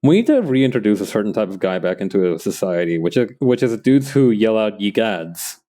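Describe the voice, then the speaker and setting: On the low side and dark in tone, his voice moves briskly with big swings in pitch. He's streaming as he works on a comic, casually chatting and drifting into musing, rambling asides about and around his drawing.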